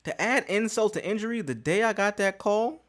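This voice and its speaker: Animated man telling a story. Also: high voice, moderate pace. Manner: animated, profane street slang. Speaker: podcast host. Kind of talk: casual storytelling.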